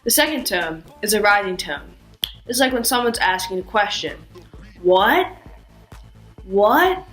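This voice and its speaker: A woman giving a scripted language lesson, speaking carefully and acting out sounds with exaggerated pitch swings. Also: animated, a bit bright, faint music behind, rough recording. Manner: slow, careful, demonstrates tones with exaggerated pitch. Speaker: language teacher.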